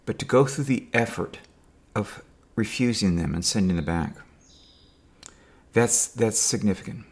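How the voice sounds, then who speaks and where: A man's voice: fairly low pitch, animated, unhurried, husky. A man talking to camera in a rambling personal monologue, with dry sarcastic humor and many fillers and restarts. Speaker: video diarist.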